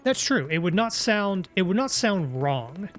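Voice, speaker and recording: A man's voice: high-pitched, big pitch swings, a little slow. A man commenting on his gameplay during a live stream, chatty and musing, with playful asides.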